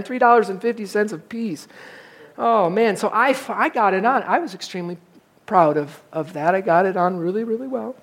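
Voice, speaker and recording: A middle-aged man preaching a sermon in a church. He tells stories with lively energy and pokes fun at himself, sometimes acting out his own frustration. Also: sits high. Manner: animated, self-mocking storyteller who acts out his frustration. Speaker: pastor. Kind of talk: sermon with a personal story.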